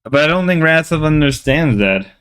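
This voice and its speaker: A man's voice: lively intonation, moderate pace, clean tone. A man ranting profanely as a streamer, mocking and lecturing the people he watches. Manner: profane, mocking, shouts in high whiny mimicry. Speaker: streamer reacting to a call-in show. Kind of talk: crude ranting commentary.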